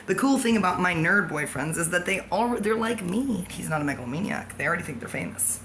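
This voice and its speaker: A woman's voice: on the low side, animated, quick pace. A woman in a rambling vlog monologue, free-associating and jumping from thought to thought, often laughing as she talks. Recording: background noise.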